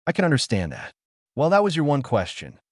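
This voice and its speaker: A man's voice: fairly high pitch, huge pitch swings, brisk, no echo, clean studio sound, voice pushed up. A man voicing a proud, menacing female demon fox spirit who commands and threatens. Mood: stern.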